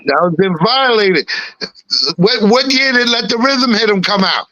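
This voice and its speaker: A middle-aged man with a slight lisp, talking in a relaxed, laughing way on a podcast. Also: very high-pitched, normal speed, no echo, highs cut off. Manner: laid-back, laughing, peppered with "you know what I'm saying". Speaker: guest rapper. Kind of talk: casual podcast chat.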